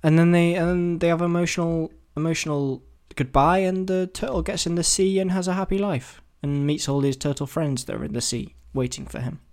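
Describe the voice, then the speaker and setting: A man's voice: on the high side, steady tone, fairly quick, hardly any pauses, a little mellow. A man hosting a solo podcast, rambling and self-deprecating as he thinks aloud with many restarts. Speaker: podcast host. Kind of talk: solo casual podcast brainstorming.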